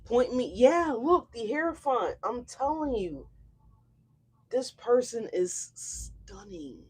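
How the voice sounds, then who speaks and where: Sing-song and slow, with a breathy edge at medium pitch, a tarot channel host runs a casual live reading. The talk goes right to viewers, gushing, full of slang and exclamations, and peppered with swearing.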